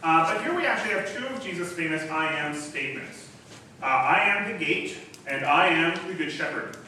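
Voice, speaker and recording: A man delivers a sermon from the front of a church, explaining scripture in an easy, conversational teaching manner. His voice sits high and bright. The sound carries a heavy echo from the hall, picked up from some distance. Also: lively intonation, normal speed, slight background noise. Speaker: pastor. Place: church sanctuary. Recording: echoey hall, distant mic.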